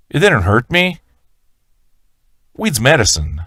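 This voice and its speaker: A man's voice: on the high side, big pitch swings, normal speed, fairly bright tone, dry recording. A man hosting a live-stream radio show, ranting in a swaggering, profane way and talking straight to his viewers. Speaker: livestream radio host.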